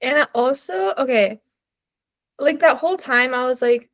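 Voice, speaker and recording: A woman's voice: high-pitched, measured pace, no room sound. Upbeat young woman gushing about a book. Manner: animated, laughing, many "like"s. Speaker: podcast co-host. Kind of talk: casual book chat.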